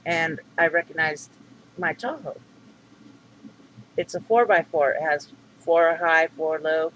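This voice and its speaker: A man's voice: on the high side, steady tone, takes it slowly, long pauses, fairly bright tone, a little hiss or hum, rough recording. A middle-aged man venting to camera in a rambling, aggrieved vlog monologue full of fillers and restarts. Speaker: vlogger.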